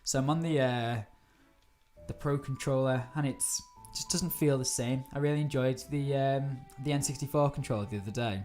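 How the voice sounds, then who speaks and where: Very low-voiced woman streaming a game. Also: normal speed, darkish tone, faint music behind. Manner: chatty, easily startled, laughs often. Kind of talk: live-stream gameplay commentary.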